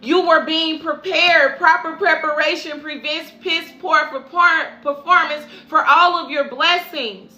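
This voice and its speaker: A woman's voice: sits high, steady tone, unhurried, hardly any pauses, pushed and bright. A woman doing a live tarot reading, chatting casually and repeating affirmations to her viewers, whom she calls "y'all" and "baby". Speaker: intuitive tarot reader. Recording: echoey room with faint music.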